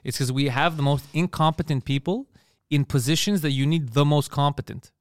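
Fast-talking, ranting man podcaster. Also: on the high side, fairly even intonation, smooth, no echo, studio quality. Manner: ranting, blunt and profane, acts out others in yelled voices. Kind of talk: casual comedy podcast chat.

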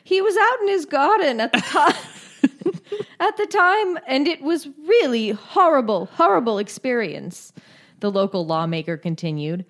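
A woman putting on a deliberately bad English accent to voice a prim, appalled woman councillor in a podcast. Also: lowish voice, fairly even intonation, darkish tone, lightly acted.

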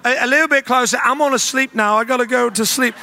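A man's voice: very high voice, fast, bright, forceful tone, a little hiss or hum, pitched above the performer's own voice, full character voice. A man putting on a mock-posh British gent. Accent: put-on British. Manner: prim, overly polite.

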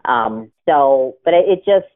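A woman's voice: very deep voice, lively intonation, a little slow. A woman with a General American accent, a podcast host talking casually and laughing often. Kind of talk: casual conversation. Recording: tinny phone-like audio.

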